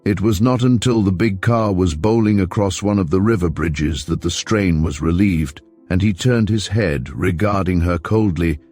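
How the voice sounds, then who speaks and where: A man narrating a mystery novel as an audiobook, steady and measured. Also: low voice, soft background music. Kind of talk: scripted narration.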